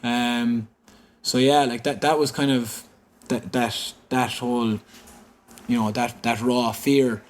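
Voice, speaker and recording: A man in his thirties with a Cork Irish accent, telling a personal story openly as a podcast guest, halting and full of fillers. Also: mid-range voice, flat delivery. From Ireland. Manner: open, halting, repeats himself with many fillers. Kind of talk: candid storytelling. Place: indoor room in San Francisco.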